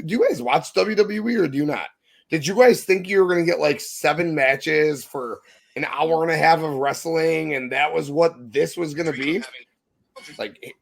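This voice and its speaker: Gravelly man ranting about wrestling. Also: a little high. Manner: profane, impassioned, ranting. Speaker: podcast co-host. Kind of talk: heated wrestling review rant.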